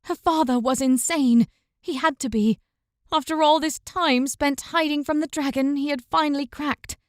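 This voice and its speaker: A woman with a high voice reads a fantasy audiobook in a measured, even storytelling manner. The recording is close and dry, with no room sound at all. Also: dry recording. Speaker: audiobook narrator. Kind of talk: scripted fantasy audiobook narration.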